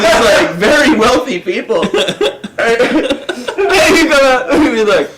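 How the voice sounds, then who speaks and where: A man's voice: very high-pitched, very animated, a little slow, over a noisy crowd. A man hosting a comedy podcast, telling a funny story in casual chat and laughing often as he goes. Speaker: podcast host.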